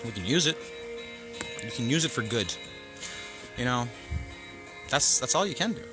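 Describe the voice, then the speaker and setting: A man, hosting his own show and ranting angrily to camera, profane, swinging between shouting and muttering. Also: mid-range voice, animated, normal speed, music in the background. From Canada. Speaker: show host. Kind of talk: angry political rant to camera.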